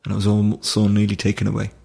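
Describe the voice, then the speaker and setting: Man, gravelly voice, flat delivery, emotional, halting, podcast guest. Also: on the low side. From Durham, England. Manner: halting, emotional, many restarts. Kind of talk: personal storytelling in conversation.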